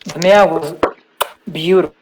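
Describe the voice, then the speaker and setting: A man's voice: fairly high pitch, fairly even intonation, normal speed, very noisy. A man co-hosting a podcast over a voice call, chatty and apologetic with a laugh. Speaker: podcast co-host. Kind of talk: casual chat over voice call.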